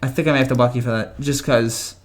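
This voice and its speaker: Fast-talking young man rambling on a livestream. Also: mid-range voice, fairly even intonation. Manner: rambling, stammering restarts, many fillers. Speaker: livestream host. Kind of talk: casual live chat reading viewer comments.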